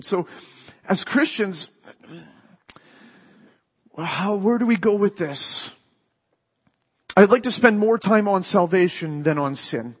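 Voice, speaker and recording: A man's voice: high-pitched, lively intonation, slow pace, pauses often, husky. Man preaching in a dull, echoey hall. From Canada. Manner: storytelling, repeats words when starting a phrase. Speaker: lay preacher. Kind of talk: sermon.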